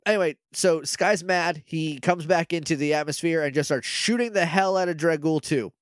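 A man's voice: fairly high pitch, moderate pace, no echo, clean studio sound. Rambling, joking male podcast co-host. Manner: rambling, joking, acts out characters' lines. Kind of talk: casual chat recapping a TV episode.

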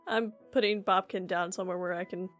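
A woman's voice: mid-range voice, steady tone, brisk, a bit bright, soft background music. Casual woman playing a tabletop game. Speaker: player. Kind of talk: tabletop role-play, declaring actions.

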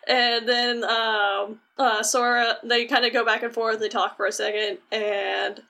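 A woman's voice: on the high side, level tone, a little slow, gravelly, pushed and bright. A woman co-hosting a podcast, animatedly recapping a video game in casual chat, swearing freely and acting out the characters' lines. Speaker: podcast co-host.

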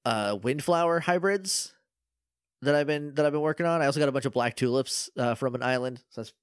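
A man co-hosting a podcast in casual chat, animated and laughing as he tells game stories. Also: medium pitch, brisk, smooth, no echo, studio quality. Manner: animated, laughing, quotes game characters in little voices. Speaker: podcast co-host.

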